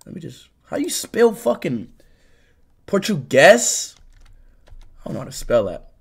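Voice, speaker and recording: A young man live streaming, talking loudly and excitably to his chat and swearing often. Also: mid-range voice, moderate pace, creaky, breathy edge. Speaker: livestreamer.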